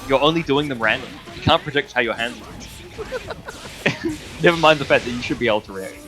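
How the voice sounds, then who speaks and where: A man commentating a fighting game stream, calling the action with quick play-by-play and dry jokes. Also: medium pitch, huge pitch swings, over music. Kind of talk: casual esports commentary.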